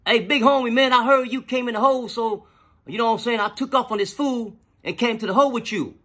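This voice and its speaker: A brash young inmate hollers in a high, pushed-up voice, loud and overjoyed, as a storyteller puts him on. The tone is bright and cutting, with a husky edge. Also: male voice, fast talker, exaggerated voice. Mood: excited.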